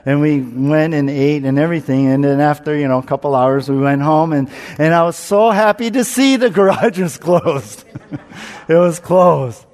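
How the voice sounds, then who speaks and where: Male pastor, slightly high voice, self-deprecating storyteller, long hall reverb. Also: a little mellow. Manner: candid, self-mocking storyteller who acts out his own panic. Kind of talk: sermon with personal story.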